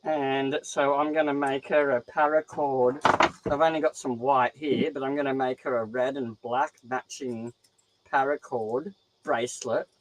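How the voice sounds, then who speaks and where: A young man with an Australian accent talks loosely and animatedly, peppering his speech with swearing. His pitch sits right in the middle, and he jumps from thought to thought in easy casual chat. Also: unhurried, slight background noise, poor audio. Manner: profane, rambling, animated.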